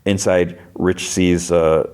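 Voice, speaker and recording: Podcast host, deep-voiced man, chatty recap style with filler words. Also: little pitch movement, takes it slowly, a little mellow, clean tone. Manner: chatty, many fillers, briefly acts out quoted lines. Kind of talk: casual episode recap.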